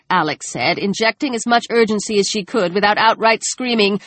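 A woman narrating an audiobook in a measured, even reading voice on a close microphone. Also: medium pitch, dry recording.

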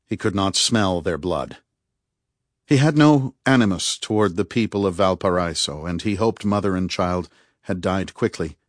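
A man giving measured, grave scripted narration of a novel as audiobook narrator. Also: low-pitched, no room sound, studio quality.

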